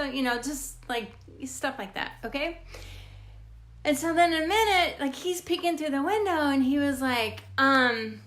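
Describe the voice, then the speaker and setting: High, bright-voiced woman telling stories. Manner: animated, laughs often while telling stories. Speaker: real estate agent. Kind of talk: casual storytelling to camera.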